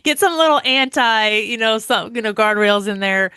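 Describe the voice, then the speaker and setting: A woman co-hosting a podcast in casual chat, talking in quick bursts with many fillers and restarts. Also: a little high, sharp tone, clean tone, no room sound, clean studio sound. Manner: chatty, many fillers and restarts, laughs often. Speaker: podcast co-host.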